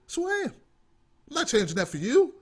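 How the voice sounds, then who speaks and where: A man's voice: very high voice, huge pitch swings, fairly quick. A man hosting a call-in talk show, ranting with passion and profanity. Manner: impassioned, profane, emphatic. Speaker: host. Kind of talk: heated call-in show rant.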